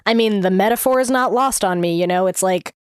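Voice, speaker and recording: A woman's voice: medium pitch, a little fast, smooth, dry recording. Young female podcast co-host, giggly, chatty, close dry sound. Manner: chatty, giggly, lots of fillers. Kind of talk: casual book discussion.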